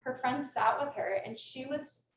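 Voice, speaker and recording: A woman's voice: sits high, normal speed. A woman who teaches kindergarten, giving an earnest, passionate talk to an audience over a video call. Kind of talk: presentation to an audience. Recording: echoey room, distant mic, faint noise.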